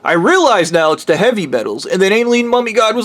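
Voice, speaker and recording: A man's voice: high voice, very animated, fast talker, hardly any pauses, a bit bright. A man ranting heatedly in a rambling, profane vlog monologue. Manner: heated, rambling, swears freely. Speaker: vlogger.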